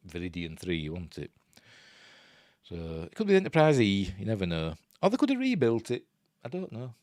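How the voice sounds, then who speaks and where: A Yorkshire man hosting a casual live stream, reading news aloud and drifting into chatty asides. His voice sits fairly low but swings around a lot, with a dry, close sound. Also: no echo. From Yorkshire, England. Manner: chatty and digressive, breaks off into asides.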